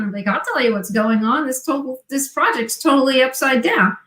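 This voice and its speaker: A woman's voice: high voice, brisk, hardly any pauses. A woman with a New Jersey accent, a guest on a video call, telling stories and acting out the dialogue. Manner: animated storyteller acting out quoted dialogue. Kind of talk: casual chat. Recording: echoey room.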